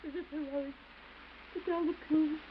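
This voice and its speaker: An actress playing a pleading disgraced wife, high voice. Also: female voice, fairly even intonation, moderate pace, close to an everyday voice. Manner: tearful, pleading, theatrical. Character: disgraced wife pleading to see her son. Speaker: estranged wife. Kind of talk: early 1930s film acting. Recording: hissy lo-fi 1929 film soundtrack.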